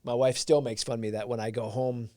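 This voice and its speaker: A man's voice: medium pitch, level tone, fast talker, a little mellow, no echo, studio quality. Earnest man giving a motivational talk. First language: Portuguese. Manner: earnest, reflective, answering viewers' comments. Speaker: live-stream host.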